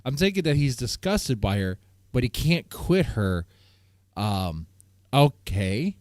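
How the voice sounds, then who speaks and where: Incredulous reacting man, lively pitch. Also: takes it slowly, no echo, clean studio sound. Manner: incredulous, questioning, laughs at the clip. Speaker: streamer host reacting to a clip. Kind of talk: reaction commentary.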